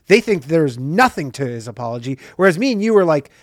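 A man in his thirties co-hosting a comedy podcast, talking in a sardonic, animated way, full of "like" and "you know". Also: fairly high pitch, fairly quick, dry recording, clean studio sound. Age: 30s. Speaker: podcast co-host. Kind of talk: casual comedy podcast banter.

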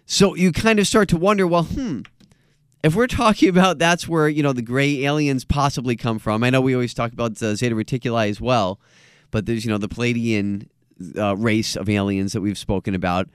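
A man's voice: mid-range voice, steady tone, brisk, clear, resonant tone, dry recording, clean studio sound. A man hosting a podcast in casual chat, joking and stressing his points with emphasis. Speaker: podcast host.

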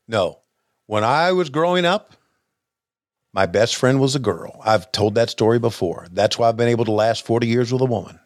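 A man's voice: mid-range voice, animated, no echo, studio quality. An older man hosting a podcast, chatting casually and stammering over old wrestling footage. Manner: halting, stammering, chuckles often. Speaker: podcast host.

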